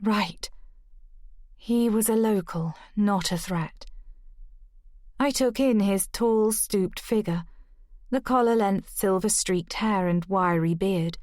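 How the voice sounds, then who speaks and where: A woman narrating a first-person audiobook in a measured, even storytelling delivery. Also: mid-range voice, dry recording, clean studio sound.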